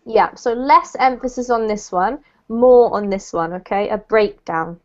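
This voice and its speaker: A woman's voice: a little high, unhurried, lo-fi sound. A woman teaching an English lesson, patiently explaining meanings and word stress to her students. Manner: patient, explains pronunciation step by step. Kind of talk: online language lesson.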